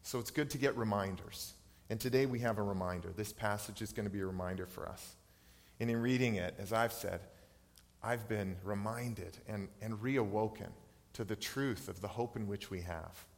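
A man's voice: lowish voice, moderate pace. A man in his thirties preaching a sermon as pastor, earnest, personal and reflective. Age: 30s. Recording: long hall reverb.

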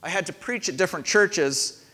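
A man's voice: sits high, lively intonation, moderate pace, bright, forceful tone, slightly rough. A male pastor giving a sermon in a conversational storytelling manner, asking his listeners questions. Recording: long hall reverb.

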